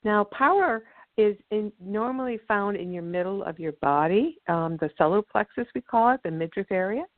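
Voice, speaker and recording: A woman guest explains her ideas about emotional energy on a call-in talk show, pausing as she builds her stories. Her medium-pitched voice comes through a tinny phone line with a dry, close sound. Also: lively intonation, no room sound. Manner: explanatory and storytelling, with measured pauses. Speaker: guest, energy healer and author. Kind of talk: radio call-in interview.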